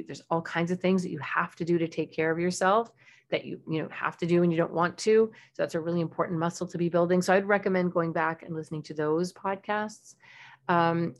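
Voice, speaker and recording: Chatty parenting podcast woman, lowish voice. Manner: warm, chatty advice with animated, high-pitched acted-out examples. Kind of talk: casual advice podcast.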